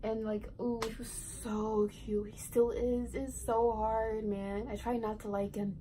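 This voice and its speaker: A woman's voice: a little high, flat delivery, unhurried, mellow, slight background noise, rough recording. A teenage girl vlogger telling a casual storytime, rambling and giggly, full of "like" and "right". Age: teens.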